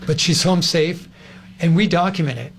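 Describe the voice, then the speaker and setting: Man, talk show guest, urgent, insistent, rhetorical questions, slightly high voice, faint background noise. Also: normal speed, creaky. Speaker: guest, advocacy group organizer. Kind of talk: interview talk.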